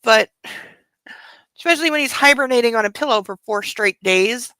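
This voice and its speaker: Woman livestream host at home at night, casual chat, baby talk to her dog, swearing, bright voice, dry close sound. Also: on the high side, normal speed, dry recording, low-quality recording.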